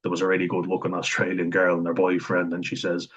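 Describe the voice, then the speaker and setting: A man talking casually to camera, thinking aloud with frequent chuckles and pauses. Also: low-pitched, completely flat delivery, a bit bright, slightly rough, dull audio. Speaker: vlogger talking about autism. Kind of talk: casual unscripted monologue.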